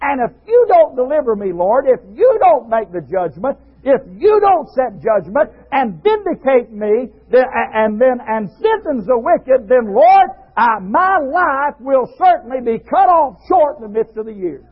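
A man preaching a sermon, swinging from low murmurs to shouted exclamations. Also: sing-song, measured pace, few pauses, husky. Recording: tinny lo-fi radio broadcast.

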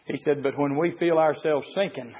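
A man preaching a fiery sermon, swinging from low murmurs to shouted climaxes and reading passages aloud to comment on them. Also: moderate pace, slightly rough. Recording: reverberant hall, muffled lo-fi sound.

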